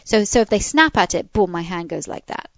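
A woman dog trainer co-hosting a podcast, explaining training tips in an animated, hands-on way with soft coaxing cues. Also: medium pitch, a little fast, no room sound, lo-fi sound. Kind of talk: casual advice chat.

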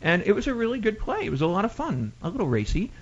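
A man's voice: high-pitched, very animated, fast, highs cut off. A man hosting a talk radio show, chatty and rambling as he promotes guests and the show.

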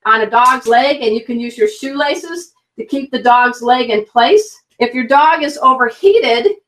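A woman teaches pet first aid as an interview guest, vivid and instructive in a folksy, energetic way. Her voice sits high. The sound echoes around a room, and she sits somewhat back from the mic. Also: recorded from a distance. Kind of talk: guest expert in an online interview. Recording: roomy, a bit off-mic.

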